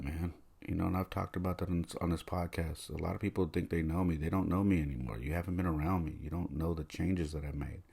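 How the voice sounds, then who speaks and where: A man's voice: low voice, creaky, darkish tone, slightly rough. A middle-aged man hosting a podcast, telling a personal story in a casual, conversational way and acting out the voices of the people he quotes. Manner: conversational, many fillers, acts out quoted voices. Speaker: podcast host.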